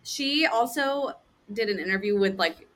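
A woman's voice: medium pitch, animated, unhurried, crowd noise. A woman from Texas co-hosting a casual chat, talking loosely with many fillers. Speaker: podcast co-host.

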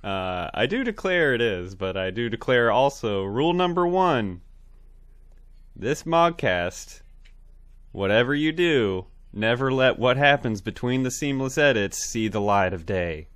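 A man's voice: mid-range voice, very animated, unhurried, fairly bright tone, clean tone, no echo, clean studio sound. A man putting on a put-on Southern drawl to play a folksy male shopkeeper handing out warnings about rules. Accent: put-on American Southern. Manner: drawling, with stern rule-giving warnings.

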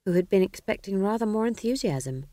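A woman reading a comic fantasy novel aloud as the audiobook narrator, in a wry, measured storytelling manner. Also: medium pitch, animated, dark tone, no room sound, clean studio sound. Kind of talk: scripted narration.

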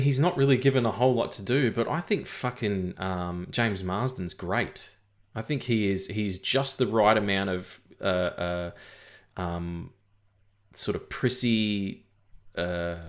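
Low-voiced rambling podcast guy. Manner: rambling, lots of fillers and swearing. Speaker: podcast co-host. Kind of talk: casual film chat.

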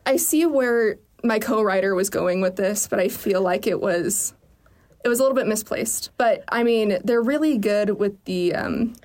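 A woman co-hosting a comedy podcast, chatting casually with playful, deadpan asides. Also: mid-range voice, normal speed. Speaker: podcast co-host. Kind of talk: casual chat.

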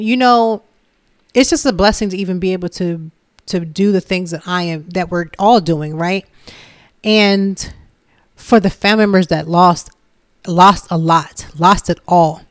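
A woman in her thirties talking candidly and from the heart about her own life, in a relaxed conversational way. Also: fairly low pitch, dry recording, studio quality. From Philadelphia area. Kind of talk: casual personal talk.

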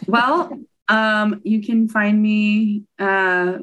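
A woman in her late twenties, a podcast guest chatting casually, animated and self-mocking, laughing often. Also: mid-range voice, very slow, low-quality recording. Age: 20s. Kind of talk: casual chat.

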